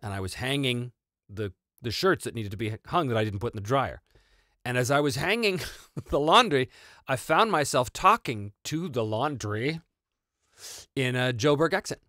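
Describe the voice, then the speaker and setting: A North American man hosting a casual livestream Q&A, animated and quick to laugh as he tells stories. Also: mid-range voice, no room sound, clean studio sound. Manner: animated, laughing, self-interrupting. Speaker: host and voice actor.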